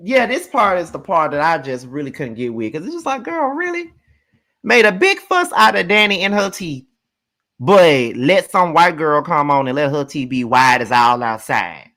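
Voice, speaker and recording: A live review host from Mississippi with a Southern accent, talking bluntly with lots of swearing and drawn-out words. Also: medium pitch, very animated, pushed and bright. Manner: blunt, profane, drawls words. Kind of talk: casual live commentary.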